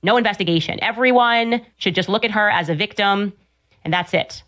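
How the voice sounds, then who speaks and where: Sarcastic woman host, combative commentary, talks fast. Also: medium pitch, a bit bright. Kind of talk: opinionated commentary.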